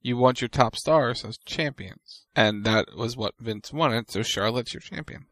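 A man's voice: mid-range voice, a little slow, fairly bright tone, no echo. A man co-hosting a casual wrestling recap, giving brief matter-of-fact summaries. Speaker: podcast co-host.

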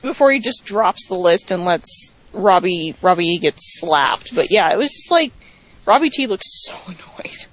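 This podcast co-host has a fairly low, expressive voice and talks at a normal speed. She chats casually, full of fillers and wry asides, over dry, slightly dull lo-fi sound.

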